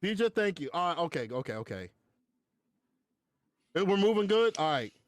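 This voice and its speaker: A man's voice: sits high, sing-song, moderate pace, dry recording. A man doing casual esports play-by-play from a small closet at home, slangy and laid-back, talking to his chat. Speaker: esports commentator.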